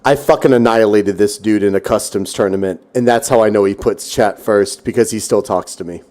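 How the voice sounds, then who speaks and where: A man's voice: lowish voice, fairly quick, a little mellow. A young man hosting a stream, chatting casually in a playful, teasing way. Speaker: streamer host. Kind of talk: casual chat.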